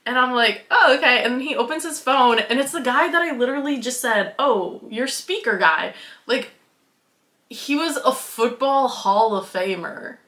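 A woman's voice: high-pitched, moderate pace, fairly bright tone, reverberant. A young woman from Wisconsin telling a story to her vlog, bubbly and giggly, full of "like" and acted-out quotes. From Wisconsin, USA. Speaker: vlogger. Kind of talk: casual storytelling.

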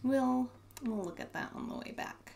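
A woman giving casual let's play commentary in quiet, muttered asides. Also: sits high, moderate pace, a little hiss or hum.

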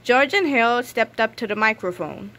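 A woman's voice: fairly high pitch, animated, moderate pace, fairly bright tone. A woman reading a children's book aloud, telling the story with small slips and restarts. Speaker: reader.

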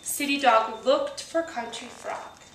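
A woman reading a picture book aloud, telling the story slowly and deliberately, recorded on a handheld camcorder. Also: high-pitched, a bit bright, a little hiss or hum. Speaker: storybook reader. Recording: roomy, recorded from a distance.

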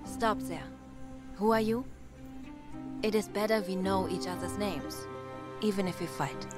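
A man voicing a proud, formal noble woman knight who speaks quietly and raises his pitch for her. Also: unhurried. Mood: challenging. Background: game music.

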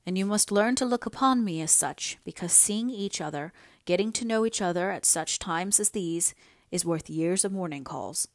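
A woman voicing a kindly older male doctor in an audiobook reading, speaking in a gentle, fatherly way. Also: lowish voice, normal speed, no room sound, studio quality, close to an everyday voice. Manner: soothing, fatherly.

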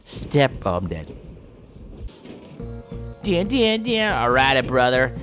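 Theatrical taunting man with lively pitch. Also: slow pace, long pauses, soft background music. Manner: theatrical, taunting, with mock-archaic phrasing and sound effects. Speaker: gameplay commentator. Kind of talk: playful gameplay commentary with mock-villain talk.

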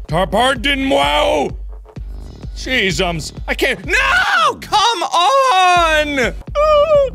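A man giving let's play commentary with loud yelps, screams, goofy noises and crude joking outbursts. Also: extremely high pitch, huge pitch swings, extremely slow, creaky, soft background music. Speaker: gaming video creator.

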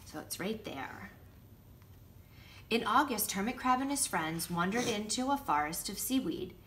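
A nursery school teacher, a woman, reading a picture book aloud to children with lively asides. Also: mid-range voice, unhurried, a little hiss or hum. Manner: warm, lively storytelling with asides showing pictures.

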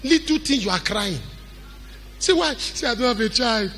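Animated high-pitched preacher. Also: male voice, normal speed, faint music behind. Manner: animated preaching, sudden shouts, sing-song cadence, acts out quotes. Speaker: pastor. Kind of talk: sermon.

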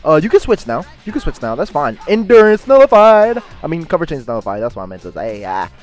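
A young man giving excitable gameplay commentary and trash-talking his opponent. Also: fairly high pitch, quick pace, faint music behind. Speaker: gaming YouTuber.

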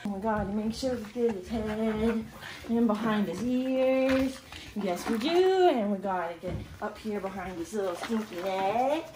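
A woman's voice: medium pitch, a little slow, noisy background. A young woman talking baby talk to a pet chimp at bath time, sing-song and coaxing. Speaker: animal keeper vlogger. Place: bathtub, indoors. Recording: echoey room, distant mic.

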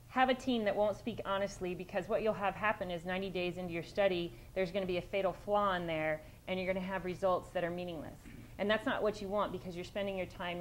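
A woman's voice: mid-range voice, slight background noise, low-quality recording. A woman police sergeant giving a conversational conference presentation, direct and plain-spoken, with frequent restarts.

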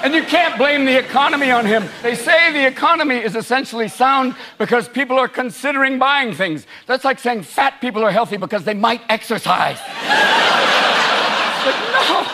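High, animated stand-up comedian on stage. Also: male voice. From United States. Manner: animated, leaps into squeaky shouted impressions. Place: large theater with a laughing audience. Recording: live show with loud crowd noise.

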